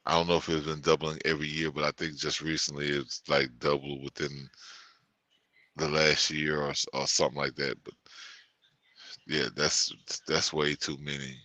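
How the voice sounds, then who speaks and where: A male co-host in casual chat, halting and often losing his train of thought. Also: very deep voice, level tone, bright, forceful tone, no echo.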